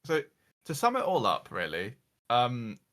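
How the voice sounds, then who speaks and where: A man's voice: mid-range voice, huge pitch swings, unhurried, a bit bright. A man ranting as the reviewer, exasperated and mocking, swearing often as he goes through slides. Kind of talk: casual comedic rant.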